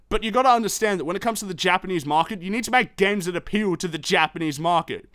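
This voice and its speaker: A man's voice: sits high, fairly bright tone, no room sound, clean studio sound. A young man hosting a gaming news show, ranting in a heated, profane, exasperated way about the games industry. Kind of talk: opinionated commentary rant.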